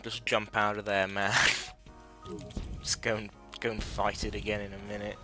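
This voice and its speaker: A man's voice: fairly low pitch, little pitch movement, normal speed, loud music behind the voice. A man giving casual, sweary, rambling commentary while playing a video game, often stopping to correct himself. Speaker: gaming video host.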